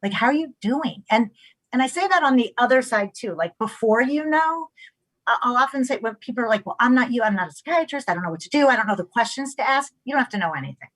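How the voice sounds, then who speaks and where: A middle-aged woman on an expert panel, talking in an animated way with many restarts and acting out quoted speech. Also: on the high side, fast, rough recording. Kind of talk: panel discussion.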